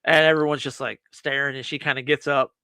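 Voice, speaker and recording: Bright-voiced man retelling a movie plot. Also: mid-range voice, fast talker, smooth, no room sound. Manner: animated storyteller, acts out quotes, laughs often. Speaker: movie review podcast co-host. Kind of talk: casual chat, retelling a film plot.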